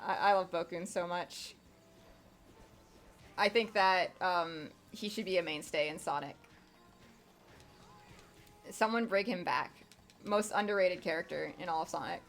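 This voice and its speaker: A woman's voice: lowish voice, a little slow, pauses often, soft background music. A young woman streaming a video game, chatting casually in a rambling way, with lots of fillers and casual swearing. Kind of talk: casual gameplay commentary.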